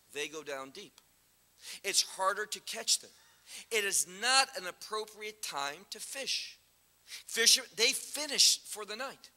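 Guy preaching in church, high bright voice, teaching from scripture, long echoey hall reverb. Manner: teaching, explaining scripture with rhetorical questions. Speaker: guest preacher. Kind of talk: sermon. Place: church sanctuary.

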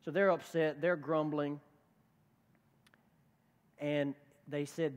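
A man's voice: fairly high pitch, unhurried, long pauses, in a large hall. A male pastor preaching a conversational sermon, acting out the voices of the people he quotes. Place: church sanctuary.

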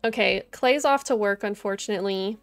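A young woman with a medium-pitched, clean-toned voice talks briskly while streaming a life-sim game. She chats casually with her viewers and the characters in her game, giggling often, over soft game music.

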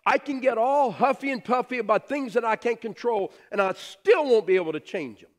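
A middle-aged man preaching a sermon as pastor, telling stories with animated emphasis that drops to soft, quiet phrases. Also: very high-pitched, brisk. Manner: animated storytelling, swings from loud emphasis to soft near-whispers. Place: church sanctuary. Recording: long hall reverb.

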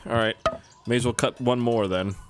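A man's voice: mid-range voice, steady tone, moderate pace, soft background music. A young man from Canada giving joking, self-mocking commentary while playing a game. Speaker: gaming YouTuber. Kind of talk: let's play commentary.

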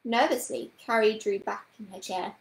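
A woman reading a children's book aloud in a gentle, expressive storytelling manner. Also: medium pitch, normal speed, gravelly, reverberant, rough recording.

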